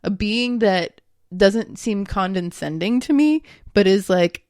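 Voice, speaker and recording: A woman's voice: medium pitch, animated, slow, a little mellow, clear, resonant tone, dry recording, studio quality. A young woman, a podcast co-host, talking candidly and casually, with lots of fillers. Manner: chatty, filler-heavy, candid. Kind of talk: casual spiritual chat.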